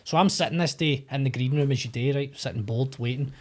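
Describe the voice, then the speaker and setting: A Scottish man, an actor and podcast guest, telling a long anecdote in a casual, animated way, acting out the voices of the people in it. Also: medium pitch, quick pace. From Scotland. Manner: animated anecdote-telling, acts out quoted voices, swears freely. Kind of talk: casual storytelling.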